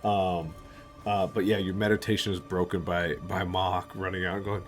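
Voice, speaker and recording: A man's voice: deep voice, little pitch movement, moderate pace, faint music behind. A man narrating as game master of a tabletop role-playing game, chatty and loose with filler words.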